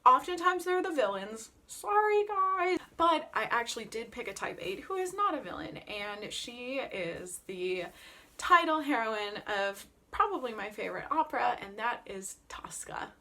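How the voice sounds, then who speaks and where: A woman chatting casually as an Enneagram coach, animated and emphatic, with playful jokey asides. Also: a little high, moderate pace. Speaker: Enneagram coach and opera vlogger. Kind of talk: casual vlog chat.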